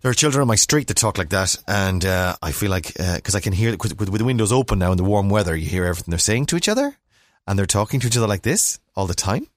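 A man in his forties with an Irish accent, co-hosting a radio show, chatting in a relaxed, wry, rambling way. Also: fairly low pitch, fast talker, no room sound, clean studio sound. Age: 40s. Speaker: radio co-host. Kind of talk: casual chat.

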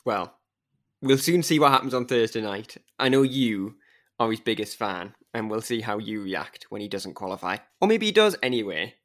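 A man's voice: on the low side, very animated, normal speed, a bit bright. A man co-hosting a podcast, chatty and teasing, introducing an interview. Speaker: podcast co-host. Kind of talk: casual podcast chat.

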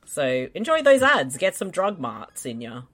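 Co-host, male, bright and animated, jokey casual chatter. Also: fairly high pitch, a little slow. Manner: jokey, laughs often. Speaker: podcast co-host. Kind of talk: casual movie watch-along chat.

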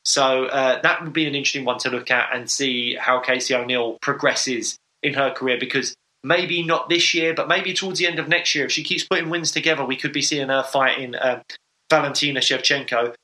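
Bright-voiced man talking fight sport. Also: mid-range voice, fairly even intonation, fairly quick, poor audio. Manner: enthusiastic, rambling with fillers. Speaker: podcast co-host. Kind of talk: casual sports chat.

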